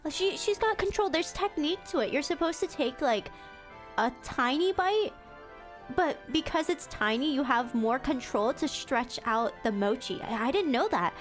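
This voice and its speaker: A woman's voice: high voice, moderate pace, faint music behind. A woman VTuber chatting casually on stream, telling a story with lots of laughter and stumbling restarts. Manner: animated storytelling with frequent laughter; self-repeating, stumbling restarts.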